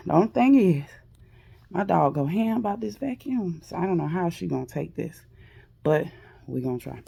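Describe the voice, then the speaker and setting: A woman talks casually to her phone camera at home, easy and slangy. Her voice sits low, with a gravelly edge of fry in it. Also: warm tone, a little hiss or hum. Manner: chatty, coaxing, slangy. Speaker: pet vlogger. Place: home, indoors.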